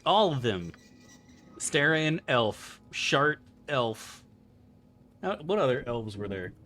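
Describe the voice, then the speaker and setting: A man's voice: mid-range voice, big pitch swings, slow, fairly bright tone. A young man streaming a game live, casually and profanely bantering with his chat as he plays. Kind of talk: live gameplay commentary reading chat.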